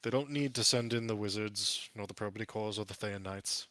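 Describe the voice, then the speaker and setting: A man voicing an eloquent male orc ranger who speaks in a regal, measured way. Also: lowish voice, fairly even intonation, a bit bright, no echo. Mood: wary.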